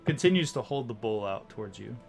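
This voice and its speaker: A man's voice: medium pitch, animated, fairly quick, creaky, over music. A man running a tabletop game as dungeon master, narrating scenes in a loose, descriptive way with many likes and ums.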